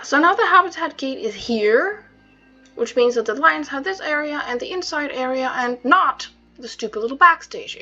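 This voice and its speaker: A woman talks slowly through her zoo-building game in a lively, slightly high voice. She is wry and self-mocking, and she talks to the animals as she builds. The recording is dull and lo-fi, with faint music underneath. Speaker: gameplay video host. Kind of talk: casual commentary while playing a zoo game.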